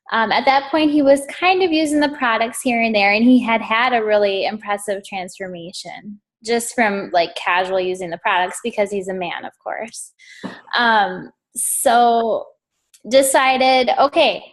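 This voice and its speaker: A woman sharing an emotional, gushing story in casual talk on a team call. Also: on the high side. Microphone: call audio.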